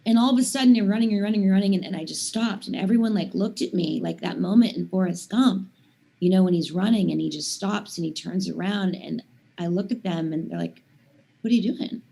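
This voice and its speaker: A woman's voice: medium pitch, fairly quick, vocal fry, dark tone. A woman in her thirties, a singer guesting on a talk show, telling long stories in casual chat with lots of "I mean" and "like". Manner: rambling storyteller, many "I mean" and "like" fillers.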